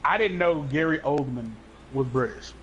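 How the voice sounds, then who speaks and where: A man in a casual podcast chat, slightly high-voiced, with a faint hum of noise behind him. He rambles and jokes, filling pauses with "like". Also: poor audio. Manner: rambling, filler-heavy, jokey. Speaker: podcast co-host.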